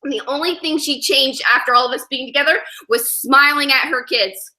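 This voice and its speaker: Woman, 30s, motivational speaker, bright high voice, energetic, conversational. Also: fairly quick. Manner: energetic, repeats "you know what I mean". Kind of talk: live motivational talk to an audience.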